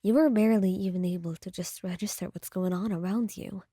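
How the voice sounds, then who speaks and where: A woman narrating a story in a soft, hushed whispered role-play. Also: medium pitch, steady tone, a little fast, breathy edge, dry recording, studio quality.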